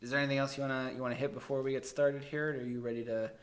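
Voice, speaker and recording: A man from the American Midwest co-hosting a podcast, telling a story in a rambling, halting way and laughing easily. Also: mid-range voice, little pitch movement. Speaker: podcast co-host. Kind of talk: casual chat.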